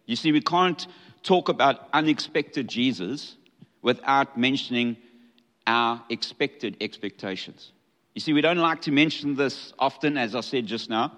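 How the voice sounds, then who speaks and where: A middle-aged man delivers a sermon in a relaxed, chatty manner, mixing jokes into the teaching. His voice sits at an ordinary pitch for a man. A long reverb trails his words, as if he is speaking in a large hall. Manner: conversational and humorous, acting out scripture dialogue. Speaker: pastor.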